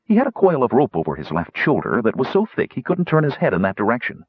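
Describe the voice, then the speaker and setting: A man narrating an audiobook in a measured, expressive storytelling manner. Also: medium pitch, slightly rough, dry recording. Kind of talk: scripted narration. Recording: dull, dry recording.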